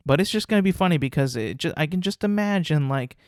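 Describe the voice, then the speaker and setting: A man's voice: on the high side, expressive, quick pace, dry recording, clean studio sound. Rambling, profane young male podcast host. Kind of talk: casual solo podcast monologue.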